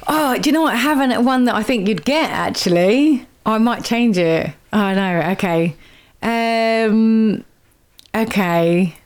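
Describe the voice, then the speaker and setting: A woman's voice: fairly high pitch, a little slow. Chatty, giggly woman radio host. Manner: chatty and giggly, explains at length. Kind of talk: casual radio chat.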